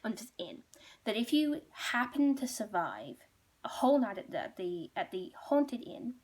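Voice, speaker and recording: A woman's voice: fairly high pitch, sing-song, normal speed, breathy edge. Woman doing gushing, evasive innkeepers. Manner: salesy, gushing, hedging.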